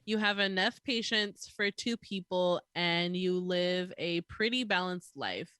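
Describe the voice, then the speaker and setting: A young woman co-hosting a casual podcast chat, playful and teasing, quick to laugh. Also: lowish voice, bright, forceful tone, clean tone, no room sound, clean studio sound. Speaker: podcast co-host.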